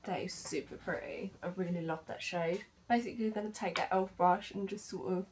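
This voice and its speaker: A woman's voice: mid-range voice, steady tone, fairly quick, background noise. Girl chatting thru her makeup, loads of likes and ums, medium voice. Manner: chatty, filler-heavy, self-correcting. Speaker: beauty vlogger. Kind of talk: makeup tutorial chat.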